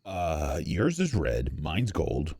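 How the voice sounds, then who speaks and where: A man playing a tabletop game in casual chat, excitable, swearing and exclaiming. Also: very deep voice, takes it slowly, husky, no room sound. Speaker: player.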